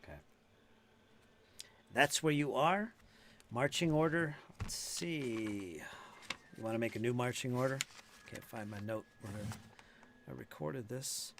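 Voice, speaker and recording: A man's voice: mid-range voice, measured pace, vocal fry, long pauses, background noise. Easygoing male game master. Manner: relaxed, conversational, with frequent fillers. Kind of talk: narrating a tabletop game.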